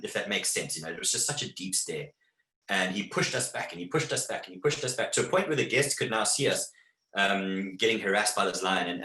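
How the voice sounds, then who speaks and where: Man presenting a webinar, low-set forceful voice, echoey room over a call mic. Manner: vivid anecdotal storytelling, many fillers and restarts. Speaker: wildlife photographer giving a webinar talk. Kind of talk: storytelling presentation.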